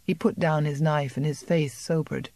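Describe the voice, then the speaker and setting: A woman narrating an unabridged novel as an audiobook in a measured, even storytelling manner. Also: low-pitched, no room sound. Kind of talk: scripted narration.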